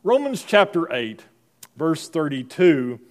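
A man's voice: fairly high pitch, sing-song, slow. Middle-aged male pastor preaching conversationally. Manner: conversational preaching with rhetorical questions to the congregation. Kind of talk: sermon.

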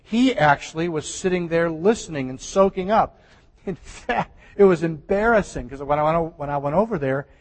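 A man's voice: a little high, animated, moderate pace. Man preaching in a reverberant church. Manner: conversational preaching with restarts and soft laughs. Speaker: pastor. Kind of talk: sermon. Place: church sanctuary.

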